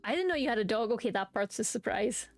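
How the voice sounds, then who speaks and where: A woman's voice: on the high side, lively intonation, fast talker, no echo, faint music behind. A woman streaming a dating game, reading its lines aloud with playful comments and silly voices.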